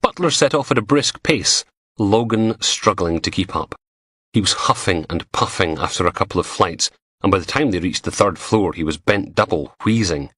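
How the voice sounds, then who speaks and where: Low-voiced man reading a crime audiobook. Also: normal speed, fairly bright tone, no room sound, clean studio sound. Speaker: audiobook narrator. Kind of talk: scripted narration.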